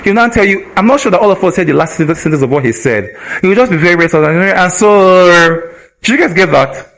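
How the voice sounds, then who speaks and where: Man, Nigerian English accent, live workshop teacher, higher voice, rhetorical questions to the crowd. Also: quick pace. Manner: energetic, asks the audience rhetorical questions. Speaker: communication trainer. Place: event hall with a live audience.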